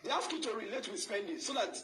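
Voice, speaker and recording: Insistent high-voiced man, distant. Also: animated, fast, a bit bright. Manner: insistent, questioning. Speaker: caller. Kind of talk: live call-in question. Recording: echoey room, distant from mic, faint noise.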